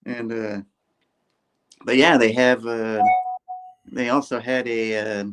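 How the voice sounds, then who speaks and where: A man co-hosting a casual podcast chat, excitable and quick to laugh. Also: mid-range voice, slight background noise. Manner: excitable, giggly. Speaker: co-host.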